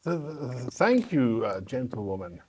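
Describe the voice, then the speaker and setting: A man's voice: medium pitch, big pitch swings, a little slow, very noisy. A man voicing a talking male viper with a British accent in a radio play, wry and teasing.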